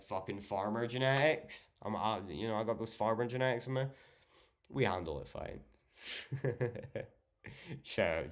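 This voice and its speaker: Young Geordie streamer, lowish voice, blunt and sweary, casual chat. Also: male voice. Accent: Geordie, northeast English. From northeast England. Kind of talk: casual livestream chat reading viewer messages.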